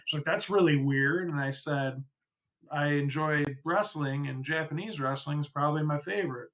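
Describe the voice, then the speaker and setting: A man's voice: a little high, a bit bright, muffled recording. A man co-hosting a casual podcast, telling rambling stories and swearing casually. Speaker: podcast co-host.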